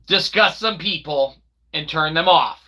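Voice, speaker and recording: A man hosting his own vlog, chatting casually and rambling, joking and breaking into loud exclamations. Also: fairly high pitch, unhurried. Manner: animated, jokey, bursts of loud exclaiming. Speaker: independent developer and channel host.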